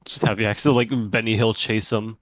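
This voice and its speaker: A man's voice: on the low side, level tone, normal speed, a bit bright, no echo. A man player in a casual tabletop game, laid-back.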